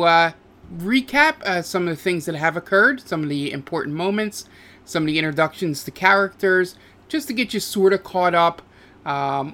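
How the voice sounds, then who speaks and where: A man's voice: on the high side, a bit bright. A man narrating as game master of a tabletop game, with many fillers.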